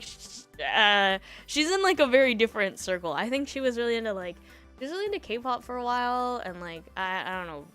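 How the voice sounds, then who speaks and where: A woman's voice: medium pitch, bright, forceful tone, clean tone. A young woman streamer telling a story in casual chat, rambling with lots of fillers and laughs between thoughts.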